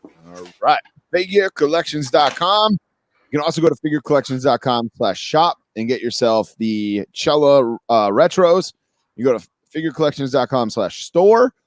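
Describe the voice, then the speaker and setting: A man co-hosting a podcast, talking casually and joking in quick asides, with a light western Massachusetts accent. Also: mid-range voice, lively intonation, dry recording. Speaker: podcast co-host. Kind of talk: casual chat.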